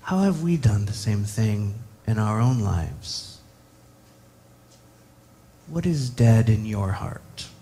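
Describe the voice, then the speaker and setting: A man's voice: on the low side, sing-song, takes it slowly, long pauses, warm tone, a little hiss or hum. A man preaching a sermon, reflective and posing many rhetorical questions to the congregation.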